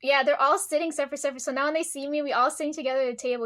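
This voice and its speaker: Brief: woman with a high voice, casual vlogger, rambly and foul-mouthed, laughs a lot. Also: fairly even intonation, very fast, few pauses, fairly bright tone. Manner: rambling, swears freely, laughs often. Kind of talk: casual chat to camera.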